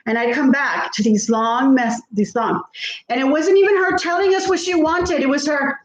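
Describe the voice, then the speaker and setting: Middle-aged lady chatting while she cooks, high voice, laughs a lot, echoey kitchen. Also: normal speed. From South Texas. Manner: chatty, laughs often, reads viewer comments aloud. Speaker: vlogger. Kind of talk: casual chat while cooking. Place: home kitchen.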